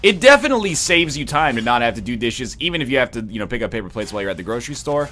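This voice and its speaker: Animated man rambling to his stream. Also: mid-range voice, racing, slight background noise. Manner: animated, rambling, tries celebrity impressions. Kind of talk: casual chat while playing a game.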